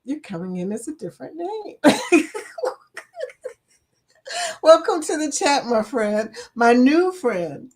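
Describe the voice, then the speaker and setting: A chatty older woman with a lilt hosts a casual livestream, reading out viewers' names and laughing easily. Her voice sits a little high for a woman. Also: very animated, slow pace, long pauses, darkish tone. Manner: chatty, laughs often, greets viewers by name. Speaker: livestream chat host.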